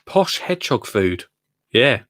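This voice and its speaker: A man's voice: medium pitch, very animated, slow pace, a bit bright, no echo. Man, Essex accent, young adult, gardening stream host, casual rambling chat, self-deprecating, dry room sound. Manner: chatty, self-deprecating, rambling with many fillers. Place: home in Essex, reading comments live.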